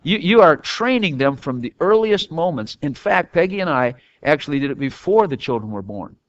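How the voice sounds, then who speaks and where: A man's voice: on the high side, sing-song, moderate pace, no room sound, lo-fi sound. An older man teaching from the Bible in a rambling, folksy storytelling way, chuckling often between stories.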